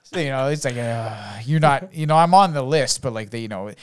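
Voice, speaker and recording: A man in his thirties in casual chat, telling lively, profane stories about his son and acting out the boy's lines. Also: medium pitch, fairly quick, clear, resonant tone, no echo, clean studio sound. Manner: animated storyteller, swears freely, acts out his son's voice.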